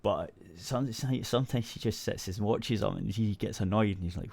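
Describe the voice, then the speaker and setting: A Scottish man hosts an internet radio show, telling a story in loose, rambling casual chat. He swears freely and restarts his sentences often. His voice sits low. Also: normal speed, gravelly, darkish tone, breathy edge.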